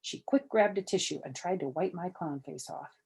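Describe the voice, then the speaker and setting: Husky grandmother reading a storybook. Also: lowish voice, normal speed. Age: older. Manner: animated, chatty asides to listeners. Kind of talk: reading a children's chapter book aloud.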